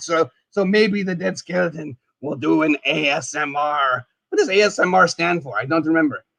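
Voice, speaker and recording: Excitable high-voiced male stream host. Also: no echo. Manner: excitable, keeps exclaiming, calls himself the dead skeleton in third person. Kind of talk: casual live stream chat while eating.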